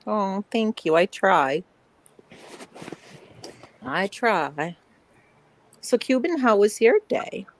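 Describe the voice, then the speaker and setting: A woman's voice: mid-range voice, expressive, drawn-out words, long pauses, low-quality recording. Gushing woman chatting on a live stream. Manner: warm, effusive, gushing with compliments. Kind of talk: casual live stream chat.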